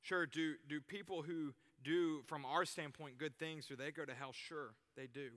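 Man, pastor, high bright voice, easy preaching style, hall echo. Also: fairly even intonation, normal speed. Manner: conversational preaching with vivid examples. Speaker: youth pastor. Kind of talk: sermon. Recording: reverberant hall.

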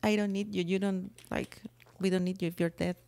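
A woman with a Mexican accent co-hosting a casual podcast, teasing and animated, laughing often. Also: medium pitch, brisk, vocal fry, no echo. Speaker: podcast co-host. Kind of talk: casual chat.

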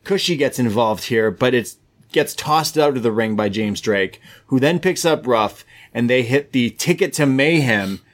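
A man's voice: mid-range voice, expressive. Man casually recapping a wrestling show. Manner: play-by-play recapping with quick asides and laughs. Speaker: podcast co-host.

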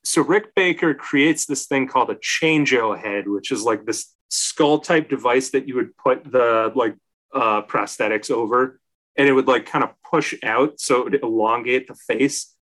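A man's voice: medium pitch, unhurried, a bit bright. A man casually talking about movies on a podcast, leaning on "like" as he tells the story and acting out what people said. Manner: chatty storyteller, leans on "like", acts out quotes. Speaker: podcast co-host. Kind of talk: casual film discussion.

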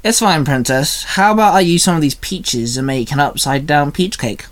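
A man's voice: fairly high pitch, lively intonation, normal speed, natural voice. A man reading the lines of a kindly male gardener guardian with a gleeful tone. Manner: gleeful, chuckling.

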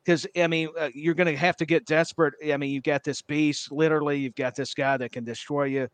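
A man's voice: a little high, fairly even intonation, fairly quick, no echo. A man co-hosting a wrestling podcast, talking at length with enthusiasm, full of fillers and repeated words. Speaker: podcast co-host. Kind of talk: casual wrestling chat.

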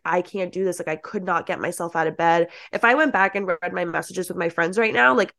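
A woman's voice: on the low side, a bit bright. A young woman as a podcast guest, chatting casually and peppering her talk with "like". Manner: chatty, lots of "like", acts out quoted thoughts. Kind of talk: casual chat.

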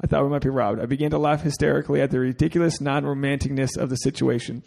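A man's voice: medium pitch, steady tone, very fast, gravelly, darkish tone. A man co-hosting a podcast, reading a listener's email aloud with crude jokes and asides. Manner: jokey, crude asides, gets teary. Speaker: podcast co-host.

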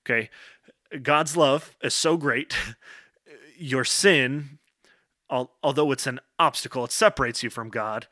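Earnest man giving a bright, direct talk. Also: medium pitch, takes it slowly, long pauses, dry recording, clean studio sound. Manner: earnest, direct, frequent "okay" and "um". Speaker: speaker addressing college men. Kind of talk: informal devotional talk.

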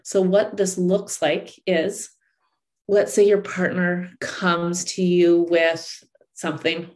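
A woman with a fairly low voice coaches listeners on relationships. She talks earnestly, repeating and reshaping her phrases as she goes. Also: little pitch movement, takes it slowly, a little mellow. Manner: earnest, repeats and rephrases, acts out angry partners.

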